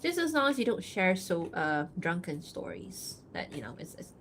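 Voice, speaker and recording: A woman livestreaming while she draws, casually reading out and answering chat, chatty and quick to giggle, thinking aloud with fillers. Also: lowish voice, sing-song, slight background noise. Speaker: livestreaming artist.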